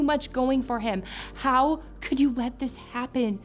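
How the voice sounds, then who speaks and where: A young woman pastor delivers a heartfelt sermon in a fairly high voice. Her tone is earnest and emotional, swelling into impassioned pleading at times. Soft music plays faintly underneath. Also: unhurried, few pauses.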